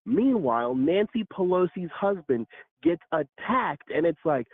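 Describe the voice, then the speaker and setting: A man's voice: sits high, expressive, moderate pace. A man talking as a guest in a casual political chat, earnest and searching, often checking in with "right?". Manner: earnest, talks things through with many "right?". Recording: tinny phone-like line.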